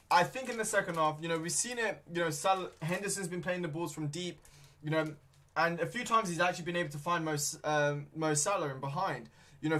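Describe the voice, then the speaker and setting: Young male streamer, higher voice, loose rambling football chat with plenty of fillers. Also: a bit bright. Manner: rambling, hesitant, many fillers; talking with his mouth full at times. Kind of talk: casual live match commentary.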